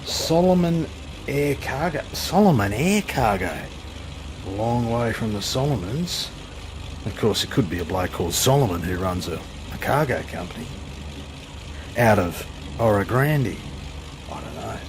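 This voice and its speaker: This Australian flight sim host has a lowish, animated voice and a measured pace with long pauses, against a noisy background. His gameplay commentary is casual, chatty, joking and self-deprecating.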